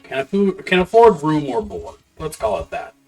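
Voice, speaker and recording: On a live stream, a man prepping his campaign as game master talks to himself in a slightly high, darkish voice, animated and at normal speed. He mutters unfinished notes and swears casually, with faint music in the background.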